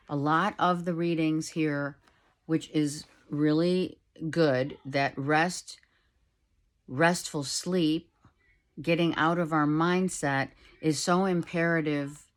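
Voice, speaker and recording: A middle-aged woman giving a casual tarot reading at home, talking softly and rambling, with many fillers. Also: low-pitched. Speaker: tarot reader. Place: home, with a child heard in the background.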